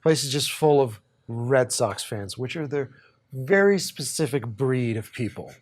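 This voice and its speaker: On his podcast, a Boston man in his thirties rambles through a story in casual chat, swearing freely and laughing along the way. His mid-range voice is unhurried, with lively intonation.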